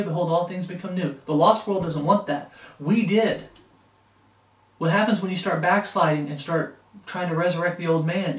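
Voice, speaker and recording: A man's voice: high voice, echoey room, distant mic. A man preaching a sermon in a fervent way, climbing into emphatic bursts as he presses his points.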